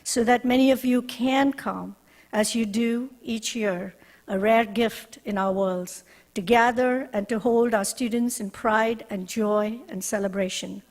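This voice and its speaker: A woman directing a university resource center, giving an earnest, measured ceremony speech with deliberate pauses. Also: a little high, steady tone, darkish tone, in a large hall. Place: ceremony hall.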